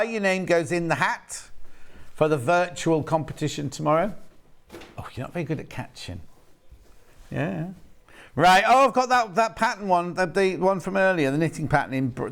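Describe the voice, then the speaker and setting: This man hosts a live shopping broadcast from a TV studio, and his voice sits a little high for a man. He rambles cheerfully between bolts of fabric and reads each price aloud in a casual sales patter. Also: normal speed, a bit bright, smooth. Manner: chatty and rambling, reading out prices between asides. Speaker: shopping channel presenter.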